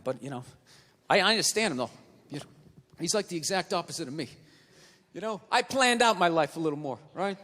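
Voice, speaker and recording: A man performing stand-up and ranting in a profane, animated way. His voice is very high and bright. A long hall reverb and faint ambience carry through the venue. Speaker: stand-up comedian. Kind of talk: stand-up set. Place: live comedy venue.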